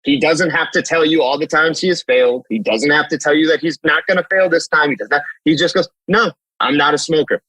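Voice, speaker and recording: A man in his thirties, a fitness coach, talking in an animated podcast conversation, telling stories and acting out dialogue with casual swearing. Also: fairly high pitch, quick pace, few pauses, dry recording, rough recording. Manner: energetic, storytelling, acts out dialogue, swears casually.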